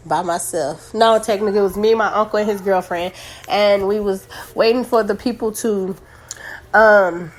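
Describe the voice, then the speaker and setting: A woman hosting a casual podcast who rambles and corrects herself, joking while holding back tears. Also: mid-range voice. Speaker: podcast host.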